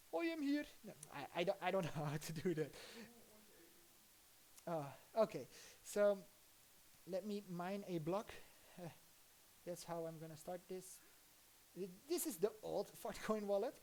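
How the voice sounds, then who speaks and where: She's a woman from the Netherlands with a Dutch accent, and her voice is on the low side and a little mellow. On her live stream she works at a computer and talks casually, thinking aloud in a rambling way with halting restarts.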